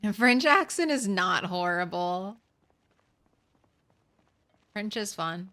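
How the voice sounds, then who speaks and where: Bright, clear-voiced woman streamer. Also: medium pitch, expressive, slow. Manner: chatty, rambling, talks to chat. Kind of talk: casual gameplay commentary.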